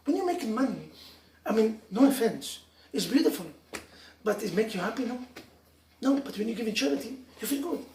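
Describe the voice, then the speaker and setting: Animated rabbi preaching in an echoey room. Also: male voice, high voice, brisk, pauses often, slight background noise. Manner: animated storytelling with laughs and sudden loud emphasis. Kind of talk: sermon to a live audience. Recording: echoey room, mic from far off.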